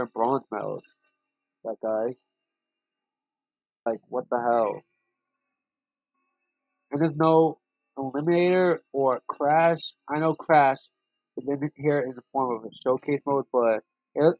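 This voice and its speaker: A young man giving casual, profane, excitable commentary while playing a racing game. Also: mid-range voice, no echo, phone-quality sound. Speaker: gaming channel host.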